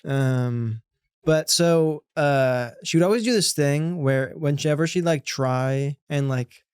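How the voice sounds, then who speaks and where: Young guy hosting a podcast, bit high voice, smooth, chatty and swears a lot. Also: takes it slowly, dry recording, clean studio sound. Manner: storytelling with laughs, loose swearing. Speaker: podcast host. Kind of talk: casual chat.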